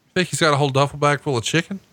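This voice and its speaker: A man's voice: rapid-fire, fairly bright tone. A man hosting a podcast, teasing his co-host crudely and recapping old matches. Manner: teasing, crude, jumps in pitch when joking. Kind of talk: casual podcast banter and recap.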